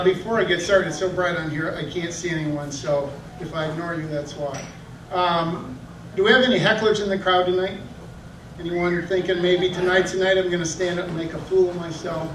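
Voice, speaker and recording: A man from Michigan doing a self-deprecating stand-up comedy set in a comedy club, now and then jumping into high yelping voices. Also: noisy background. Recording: echoey club from a distant camera.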